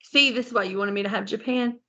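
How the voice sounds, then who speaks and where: A woman's voice: on the high side, steady tone, fast talker, bright, forceful tone, dull audio. A woman co-hosting a podcast in casual chat, reading out a menu and tripping over foreign names, laughing at herself. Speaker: podcast co-host.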